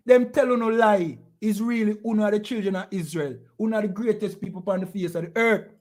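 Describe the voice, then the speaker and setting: A Jamaican man with a high voice for a man preaches with fervour. He scolds his listeners and keeps asking them questions. Patois slips into his speech. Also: fast talker, few pauses, darkish tone. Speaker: preacher teaching a class. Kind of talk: impassioned preaching.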